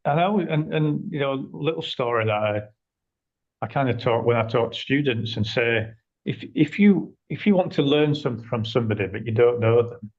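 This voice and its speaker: A man chatting as an interview guest, animated as he tells his stories. His voice sits at an ordinary middle pitch, and the recording sounds slightly dull and muffled. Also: moderate pace. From northern England. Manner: animated, acts out quoted dialogue. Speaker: interview guest, agency owner. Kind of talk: conversational storytelling.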